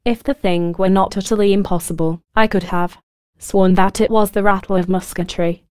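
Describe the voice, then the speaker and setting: A woman voicing a skeptical British army officer in a hushed, puzzled reply. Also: medium pitch, fairly even intonation, moderate pace, smooth, no room sound, clean studio sound, natural voice.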